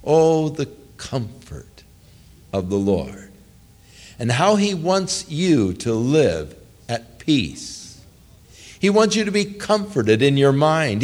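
Pastor, man, earnest sermon delivery, slightly raised voice, animated pitch. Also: takes it slowly.

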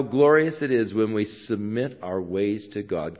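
Casting: man slow deliberate preacher, sermon expounding scripture, dull lo-fi sound. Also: lowish voice, animated. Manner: expository preaching, swings from hushed to loud.

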